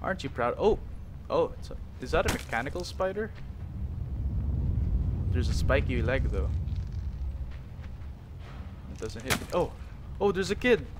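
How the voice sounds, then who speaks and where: A young man commentating a video game, excitable and jokey, talking to his character as he plays. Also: medium pitch, a little slow, long pauses, noisy background. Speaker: gaming YouTuber. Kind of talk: let's play commentary.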